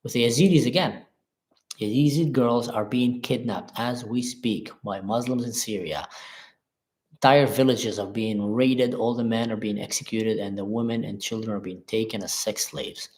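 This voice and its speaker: A man's voice: lowish voice, normal speed, darkish tone, roomy sound. An impassioned man hosting a live talk, reading viewers' comments and answering them emphatically. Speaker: livestream host. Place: Germany.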